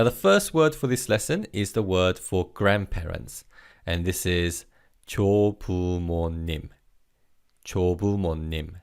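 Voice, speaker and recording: A man teaching a Korean vocabulary lesson, speaking slowly and clearly and leading listen-and-repeat drills in an encouraging way. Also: deep voice.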